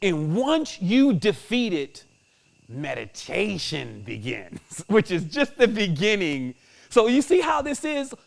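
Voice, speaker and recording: High-voiced man musing on meditation. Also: wildly swooping pitch, takes it slowly, gravelly. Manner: slangy, emphatic, chuckles often. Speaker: podcast host. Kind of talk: spiritual podcast monologue.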